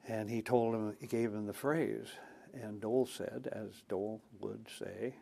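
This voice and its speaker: A man's voice: on the low side, fairly even intonation, unhurried, creaky, dark tone. An older man and former senator telling folksy, anecdotal stories in an oral history interview, chuckling and acting out quotes.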